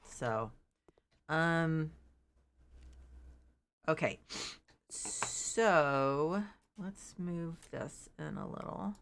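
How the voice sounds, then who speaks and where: A middle-aged woman chats animatedly in a low, unhurried voice while playing a game on stream, rambling between stories and reading chat messages aloud with frequent fillers and restarts. Still recovering from illness, she sounds tired and yawns at times, with a faint hiss behind her.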